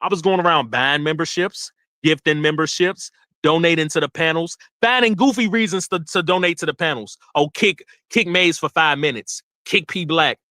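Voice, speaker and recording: Man, young adult, livestream rant, bright, dry close mic. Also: on the high side, normal speed, no echo. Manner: animated, laughing, swearing, repeats himself. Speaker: livestream host.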